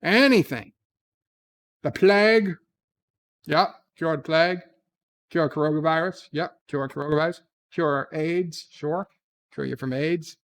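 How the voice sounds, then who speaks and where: A man's voice: fairly high pitch, measured pace, pauses often, fairly bright tone. A man voicing a boisterous Scottish man who swears by a whiskey-and-haggis cure for everything, with a put-on Scottish accent and a crude, rambling manner. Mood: blustery.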